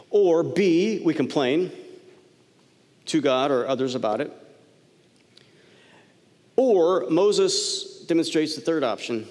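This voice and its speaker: A man preaching a sermon as pastor, conversational, with sudden soft drops and emphatic rises. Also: mid-range voice. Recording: hall reverb.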